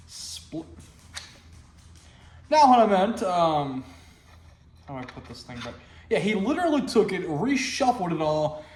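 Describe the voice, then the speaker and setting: A man hosts his own video show, riffing and joking straight to the camera in loose comic commentary. His voice sits a little high and swings widely in pitch. The room around him rings with echo. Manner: jokey, riffing, talks straight to viewers. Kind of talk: casual comedic reaction commentary.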